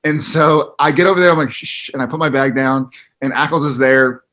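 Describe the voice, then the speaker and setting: A man telling a lively anecdote on a video call, dropping to hushed asides and mock voices. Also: mid-range voice, brisk, low-quality recording. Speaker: panelist telling a story.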